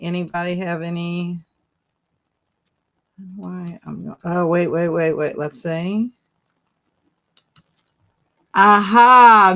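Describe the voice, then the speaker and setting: A woman hosting a casual live stream, chatting, laughing often and reading viewers' comments aloud. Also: fairly low pitch. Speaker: livestream host.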